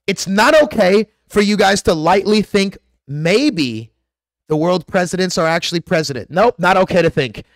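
High-pitched guy yelling and preaching at his viewers, swears a ton, dead dry sound. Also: expressive, normal speed, no room sound. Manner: aggressive, profane and preachy. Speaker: conspiracy vlogger. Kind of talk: ranting monologue to camera.

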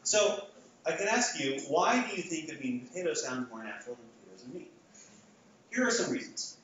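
A man's voice: a little high, sing-song, fairly quick, a bit bright, slight background noise. Guy giving a lecture, lots of restarts, sounds far off in a big echoey hall, kinda dull. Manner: conversational, frequent restarts and fillers. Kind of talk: academic lecture with audience polling.

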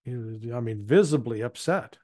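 A man's voice: medium pitch, expressive, moderate pace, dark tone, no echo, studio quality. A man speaking as an interview guest and former intelligence analyst, giving plain-spoken, conversational commentary that often halts and restarts mid-sentence.

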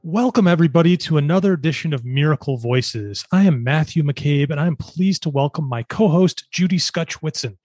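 A man's voice: on the high side, normal speed, few pauses, a little mellow, dry recording. A man hosting a podcast, introducing guests in a friendly, upbeat way. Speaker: podcast host.

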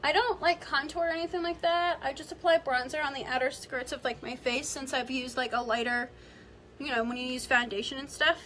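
Bright, chatty young woman vlogger. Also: high voice, fairly even intonation, a little fast, slight background noise. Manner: chatty, rambling, heavy use of "like". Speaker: beauty vlogger. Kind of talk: casual makeup tutorial livestream. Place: at home.

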